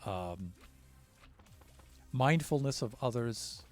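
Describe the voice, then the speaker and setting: A man's voice: medium pitch, expressive, slow, faint music behind. An American man casually chatting with his stream viewers, rambling with lots of fillers and restarts. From United States.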